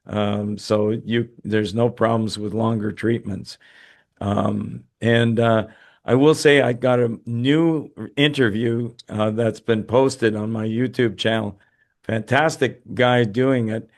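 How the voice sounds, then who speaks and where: A man hosts a webinar over a video call and answers viewer questions. He sounds tired and talks haltingly, with many fillers and restarts. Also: mid-range voice, fairly even intonation. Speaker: host. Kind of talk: webinar talk and Q&A.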